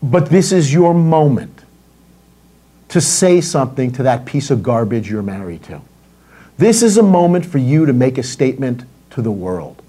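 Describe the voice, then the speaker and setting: A man's voice: medium pitch, big pitch swings, normal speed, dark tone, husky. A middle-aged man from the United States hosting a political commentary show, ranting in an indignant, sarcastic and profane way.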